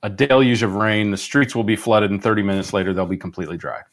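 Laid-back male co-host, lowish voice. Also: fast talker. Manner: laid-back, wry asides. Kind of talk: casual chat.

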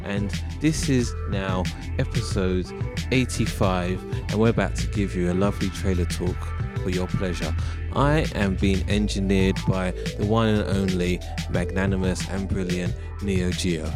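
A man's voice: low-pitched, steady tone, unhurried, hardly any pauses. Playful man hosting a podcast. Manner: playful, jokey, laughs often. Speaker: podcast host. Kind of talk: casual podcast chat. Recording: music playing behind.

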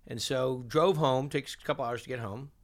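A man, a chef and TV host, speaking as a guest in an interview and telling stories in a lively way, acting out other people's lines. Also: mid-range voice, normal speed. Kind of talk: animated storytelling.

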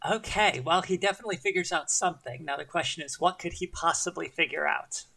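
A man running a tabletop game and narrating scenes in a relaxed, descriptive way. His voice is high and bright with a gravelly texture. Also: brisk. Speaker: game master.

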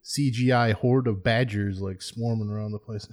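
A man in casual film-review chat who talks in a relaxed, rambling way and often restarts his sentences. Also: fairly low pitch, normal speed. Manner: relaxed, rambling, self-interrupting.

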